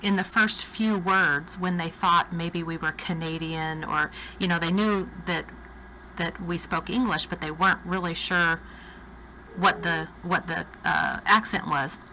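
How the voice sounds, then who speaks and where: A woman's voice: on the low side, fairly even intonation, unhurried, bright, forceful tone, a little hiss or hum, low-quality recording. A woman with a Texas accent, a guest on a radio talk show, telling a travel story in a chatty way. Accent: Texan.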